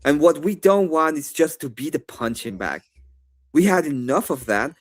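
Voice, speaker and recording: A man with a Spanish accent, debating on a live stream in a rambling, animated way with many fillers and restarts. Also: a little high, normal speed.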